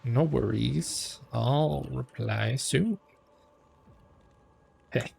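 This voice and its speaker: A man's voice: mid-range voice, extremely slow, creaky, a little mellow, a little hiss or hum. A man streaming a game, chatting with viewers in a laid-back, casual way while he plays. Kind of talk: casual gameplay commentary.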